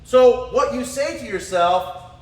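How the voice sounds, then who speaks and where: A man's voice: very high-pitched, expressive, slow, a little mellow, recorded from a distance. A man giving a motivational talk, telling a story with animation and frequent laughs. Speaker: motivational speaker. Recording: roomy echo, voice from away from the mic.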